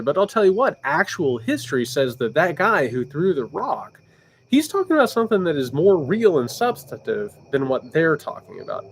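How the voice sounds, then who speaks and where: A man with a Southern Indiana accent talking casually on a livestream, loose and candid, often restarting his sentences as he answers viewer questions. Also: fairly high pitch. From Indiana, United States. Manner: animated, with frequent restarts. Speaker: political commentator livestream host.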